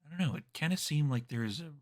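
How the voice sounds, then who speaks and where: A man's voice: fairly high pitch, animated, fast, lightly acted. A man voicing a confused male ghost who has recently died, talking vaguely and hesitantly.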